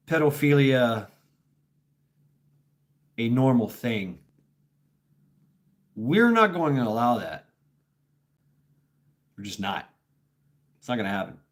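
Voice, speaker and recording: A man of middle pitch from Tennessee talks loosely to his livestream viewers. He rambles and stops to restart his sentences, swearing freely in a blunt, off-the-cuff manner. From Tennessee, USA. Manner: rambling, blunt and profane, many fillers. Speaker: livestream host. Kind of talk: casual livestream storytelling.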